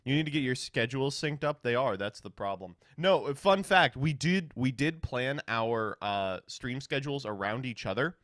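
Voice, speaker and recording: Sardonic, animated male streamer. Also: medium pitch, normal speed, few pauses, no echo, studio quality. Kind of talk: casual chat reading viewer questions.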